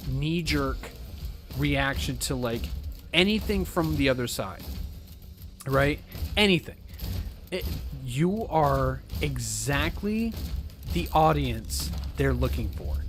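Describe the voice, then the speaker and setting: A man talking in a casual rant, swearing often and mimicking other people's reactions in quick quoted asides. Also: mid-range voice. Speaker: streamer. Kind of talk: casual ranting chat.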